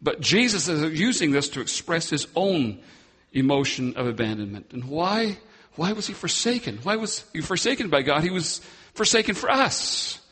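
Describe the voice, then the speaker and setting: A man preaching a sermon as pastor, slow and emphatic, with long dramatic pauses. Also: on the high side, very animated, fairly bright tone, husky, in a large hall.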